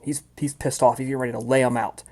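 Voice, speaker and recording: A man's voice: mid-range voice, little pitch movement, quick pace, darkish tone, slight background noise. A man narrating as game master of a tabletop role-playing game, loose and chatty with many fillers.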